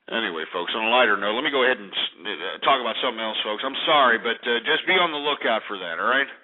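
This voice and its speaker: Angry ranting radio host, tinny. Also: male voice, medium pitch, lively intonation, fast. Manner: angry, profane, rambling. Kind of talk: ranting talk radio monologue. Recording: tinny phone-like radio archive.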